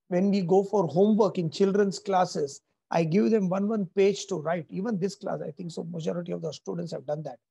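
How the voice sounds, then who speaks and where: Gravelly, husky teacher. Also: male voice, high voice, warm tone. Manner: emphatic, storytelling, repeats key phrases. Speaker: spiritual teacher. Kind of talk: spiritual lecture to a class.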